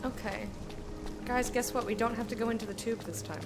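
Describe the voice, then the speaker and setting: A woman's voice: a little high, steady tone, a little fast. A young woman casually commenting on her gameplay, chatty, swearing and humming along. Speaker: gamer streamer. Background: game music.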